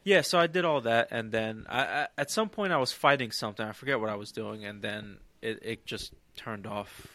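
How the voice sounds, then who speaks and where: A man co-hosting a podcast, chatting casually about a video game in a rambling, halting way with many fillers. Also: lowish voice, sharp tone, no room sound. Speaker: podcast co-host. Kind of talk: casual gaming chat.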